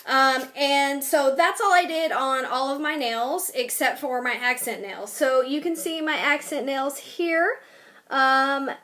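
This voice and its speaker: High-voiced young woman, chatty with ums. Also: slow, fairly bright tone. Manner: chatty, filler-heavy with frequent ums. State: tired. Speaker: beauty vlogger. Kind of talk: casual nail tutorial. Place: home, new place with boxes.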